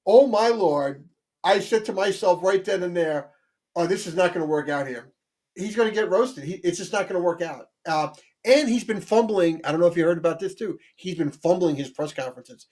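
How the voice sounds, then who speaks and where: A man with a high-pitched voice co-hosts a casual sports talk show. He rambles animatedly, doubling back on his words and restarting sentences as he builds his point. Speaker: sports podcast co-host.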